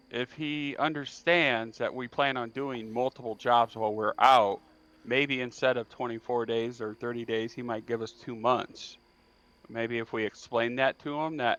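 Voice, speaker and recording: A man talks through his party's next moves in an online tabletop game, weighing options out loud and pitching his case. His voice sits at an ordinary middle pitch, and his mic sounds dull and lo-fi. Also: steady tone, normal speed. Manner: thinking aloud, persuasive planning. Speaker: player. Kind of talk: tabletop role-play discussion.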